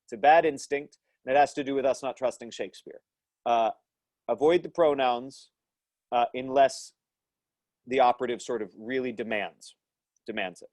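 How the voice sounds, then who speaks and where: An American man lecturing his acting class over a video call. He talks in a middle-pitched voice, firm and emphatic, pausing on ums and uhs as he works out his points. The sound is dry and close. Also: darkish tone, dry recording. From United States. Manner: thoughtful, emphatic teaching with frequent ums and uhs. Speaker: acting teacher. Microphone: video call mic.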